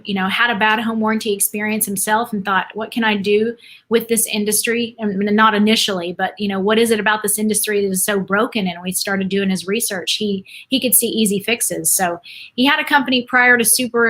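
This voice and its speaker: A middle-aged woman from Dallas talks as a guest on a relaxed podcast, bright and forward in tone. She tells her story in a chatty way and laughs easily, her pitch sitting in an ordinary middle range. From Dallas, Texas, USA. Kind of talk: casual podcast chat.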